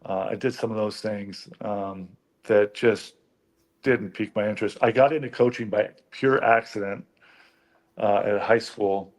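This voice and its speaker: A man's voice: lowish voice, steady tone, unhurried. A middle-aged man, a former football lineman turned coach, telling stories as a guest in a casual interview, chatty and full of fillers. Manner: storytelling, chatty with many fillers.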